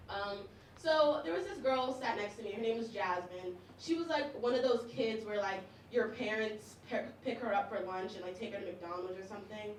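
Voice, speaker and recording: A woman's voice: mid-range voice, brisk. A young woman performing a stand-up comedy set, chatty and self-mocking, laughing often between lines. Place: comedy club stage with audience. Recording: echoey room, mic heard from a distance, audience noise.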